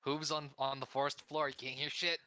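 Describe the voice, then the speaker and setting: A man's voice: a little high, level tone, fairly quick, pushed and bright. A man playing a tabletop game, sly and laid-back. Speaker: player.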